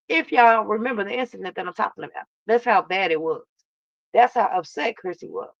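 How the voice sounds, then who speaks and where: In a medium-pitched, slightly bright voice, a woman streams casual commentary about online drama, calling out chat viewers by name and peppering the story with emphatic asides and "you know what I'm saying." There's no room sound, and the audio is dry, dull and lo-fi.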